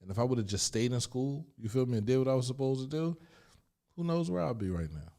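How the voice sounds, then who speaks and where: A middle-aged man from Chester, Pennsylvania, a guest telling his life story candidly, emphatic and animated, full of street slang. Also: mid-range voice, a little fast.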